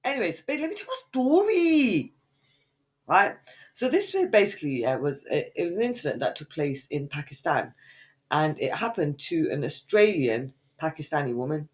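A woman's voice: sits low, very animated, moderate pace. A woman, co-hosting a podcast in foul-mouthed, mock-insulting banter. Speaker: podcast co-host.

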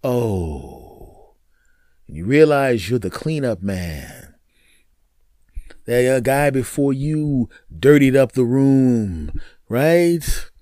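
A man's voice: mid-range voice, no room sound. A man hosts his own podcast and tells a long story from his life. He jumps between his own voice and the voices of the people in it. His middle-range voice is recorded close and dry. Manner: animated, acts out both sides of the story with lively voices. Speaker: podcast host. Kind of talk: storytelling monologue.

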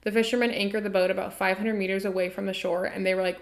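A woman's voice: medium pitch, little pitch movement, fast talker, creaky. A woman podcast host from the United States, telling a story in a casual, irreverent way with offhand swearing.

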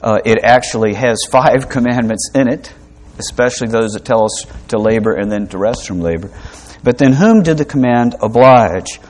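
A man's voice: mid-range voice, moderate pace, darkish tone. Male preacher, mid-range voice, chatty teaching sermon, frequent asides and rhetorical questions. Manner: conversational teaching with asides and humor.

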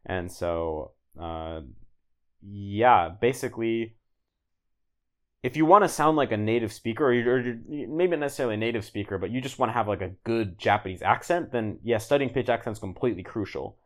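A man's voice: fairly low pitch, a little fast. A man talking casually as a podcast guest, explaining at length with lots of fillers and restarts. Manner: relaxed, rambling, many "like"s and restarts. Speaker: guest, language learner.

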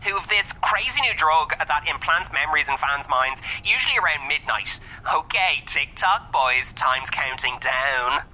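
A man playing a scheming music manager with a nasal voice, talking fast and giggling through mock threats. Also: a little high, lively intonation, bright, forceful tone, slight background noise.

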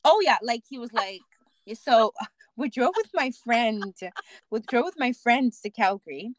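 A woman speaking as a podcast guest, telling stories about her child in an animated way, often restarting her sentences. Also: a little high, normal speed, no echo. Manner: animated storytelling with many restarts and laughs. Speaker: podcast guest, mother and theatre actor. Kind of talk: casual interview chat.

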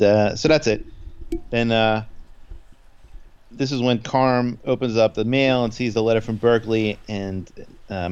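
A man's voice: fairly low pitch, clear, resonant tone. Rambling man recapping, lo-fi sound. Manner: rambling recap with many fillers, quotes lines in passing. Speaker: podcast co-host recapping an episode. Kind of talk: casual chat.

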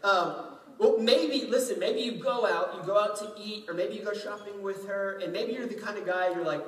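Guy preaching, kinda high voice, chatty and jokey, sounds far off in a big echoey room. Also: moderate pace, a bit bright. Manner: conversational, joking preaching. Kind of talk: sermon. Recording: roomy echo, distant mic, faint ambience.

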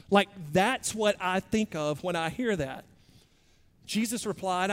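A man pastor delivering a sermon in a relaxed, conversational way, often poking fun at himself. His voice sits high for a man, and his loudness keeps shifting between soft asides and louder bursts. A long reverb trails his words around a large hall. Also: normal speed. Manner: conversational, self-deprecating preaching with shifting loudness.

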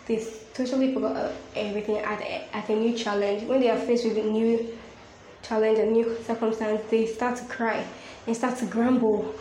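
A woman hosts a devotional podcast, speaking earnestly and repeating her points the way a preacher would. Her voice is on the high side and a little mellow, with fairly even intonation and a moderate pace. The room is echoey, with faint ambient noise.

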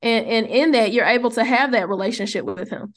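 A woman's voice: on the high side, fairly quick. A woman co-hosting a faith podcast, talking earnestly and casually, acting out little quoted prayers. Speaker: podcast co-host.

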